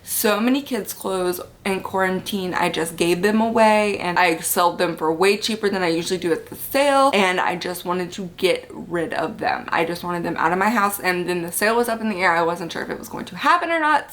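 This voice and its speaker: A young woman with a slight lisp talks to her viewers in a chatty, upbeat way, with plenty of casual fillers. She speaks at a middle pitch, like a mom vlogger recording at home. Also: a bit bright. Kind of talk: casual chat to camera.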